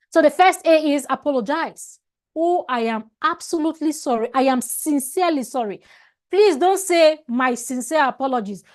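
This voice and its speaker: High-voiced emphatic woman trainer. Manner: emphatic, repeats words, restarts phrases, asks "All right?". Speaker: customer service trainer. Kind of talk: online training lecture.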